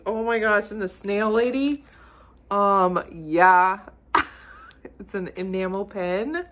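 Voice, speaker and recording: Her voice at a medium pitch, the manga vlogger opens a gift slowly and pauses often, yet stays excitable, gasping and exclaiming "oh my gosh." The clip is recorded on a phone camera.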